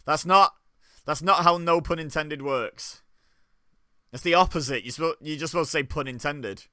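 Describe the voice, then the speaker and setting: A man's voice: on the high side, normal speed, bright, forceful tone, dry recording, clean studio sound. A young man giving wry, joking commentary while watching along, often laughing. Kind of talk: casual live commentary.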